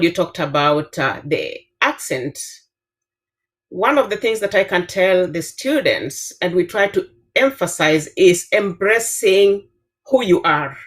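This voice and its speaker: Kenyan woman in her fifties advising. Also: medium pitch. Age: 50s. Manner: earnest, advising, many filler uhs. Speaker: professor. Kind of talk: panel discussion answer.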